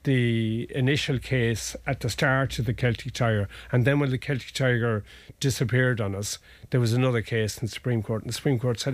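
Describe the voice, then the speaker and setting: Guy lawyer rambling thru case stories, dry close mic, middle pitch. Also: steady tone, brisk, hardly any pauses, no echo. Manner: anecdotal, explanatory, digressive. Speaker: family law solicitor. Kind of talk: conversational interview.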